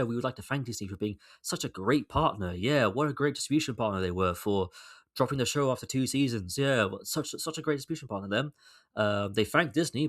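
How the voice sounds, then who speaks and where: A young man hosts his solo podcast in a low-pitched voice. He rambles in casual commentary, circling back over his own sentences. His tone stays exasperated, and he swears freely. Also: fairly bright tone. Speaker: podcast host.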